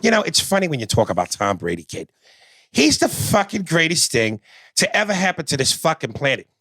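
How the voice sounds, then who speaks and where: A man putting on a brash, foul-mouthed sports fan from Boston with a thick Boston accent, ranting loudly. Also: on the high side, vocal fry, no echo, voice pushed up, full character voice. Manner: loud, swearing, boastful rant.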